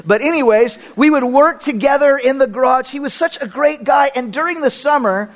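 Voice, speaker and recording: A man's voice: very high-pitched, normal speed. A man preaching a sermon as a pastor, emphatic and fond of repeating phrases for effect.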